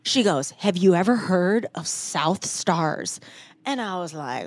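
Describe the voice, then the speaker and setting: A woman hosting a podcast in casual chat, animated and swearing freely as she acts out quotes in big voices. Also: fairly low pitch, slow pace, no echo. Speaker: podcast host.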